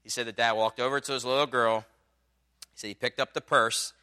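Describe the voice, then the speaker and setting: A man delivers a sermon in a conversational storytelling way, full of little fillers. His voice is bright and forceful, smooth and crisp. He builds toward loud, emphatic moments. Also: mid-range voice, steady tone, a little fast. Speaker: pastor.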